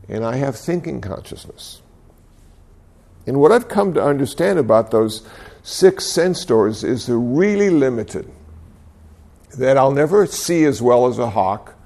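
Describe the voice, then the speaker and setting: Gravelly older man giving a dharma talk. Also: medium pitch. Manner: gently humorous storytelling with self-deprecating chuckles; reflective, unhurried. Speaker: Buddhist speaker.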